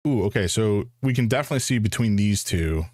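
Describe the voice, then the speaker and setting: A man's voice: on the low side, lively intonation, fast talker, a little mellow, no echo, clean studio sound. A man streaming a first playthrough of a detective game, thinking aloud in a hesitant way with frequent restarts. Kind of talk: casual live game commentary.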